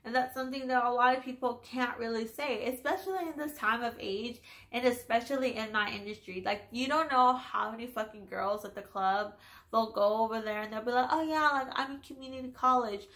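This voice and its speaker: A woman's voice: a little high, steady tone, brisk, fairly bright tone. A woman in her twenties telling a personal story in a casual vlog, candid and profane, with lots of "like". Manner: candid, profane, heavy use of "like". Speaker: vlogger.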